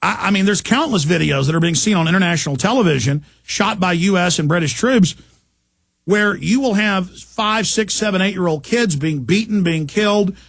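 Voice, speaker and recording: A man's voice: high-pitched, animated, moderate pace, vocal fry, fairly bright tone, dry recording. A man, hosting talk radio in an intense, rambling monologue. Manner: intense, rambling, with impressions and laughs. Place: radio studio. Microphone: studio mic.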